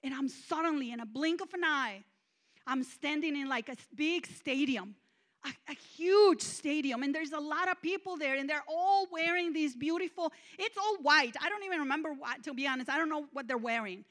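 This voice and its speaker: A woman minister preaching a sermon and telling a personal testimony, moving between hushed and loud. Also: sits high, normal speed. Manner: emotional storytelling, swinging from hushed to loud. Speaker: guest minister.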